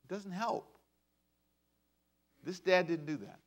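A man in his fifties preaching a sermon as pastor, swinging between loud bursts and hushed asides. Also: high voice, slow pace. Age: 50s.

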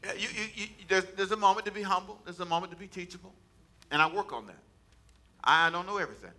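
Pastor guy preaching, high bright voice, keeps repeating lines and getting the church to say it back. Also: quick pace. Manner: call-and-response preaching, repeats phrases for emphasis; folksy, colloquial delivery. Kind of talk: sermon.

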